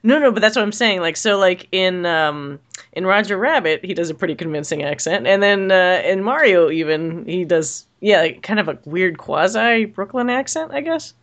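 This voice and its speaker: A man's voice: high voice, animated, normal speed, a bit bright. A man co-hosting a podcast in casual chat, rambling and laughing often as he talks. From United States. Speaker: podcast co-host.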